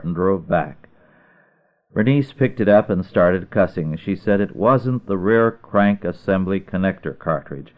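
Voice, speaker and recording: A man doing a grumbling small-town husband, deep-voiced and aggrieved, airing his complaints. The sound is thin and tinny, like a phone line. He talks in a steady storyteller's cadence. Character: grumbling rural husband, middle-aged man.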